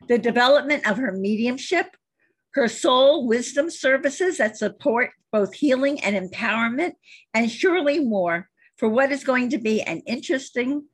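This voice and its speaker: A woman hosting a podcast, reading a scripted introduction and asking interview questions in an earnest, measured way. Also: on the high side. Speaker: podcast host.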